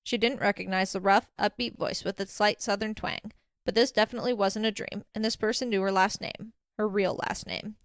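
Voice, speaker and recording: Brief: woman storyteller, mid pitch, dry close-miked narration. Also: steady tone, brisk, no room sound. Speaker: audiobook narrator. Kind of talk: fanfiction audiobook narration.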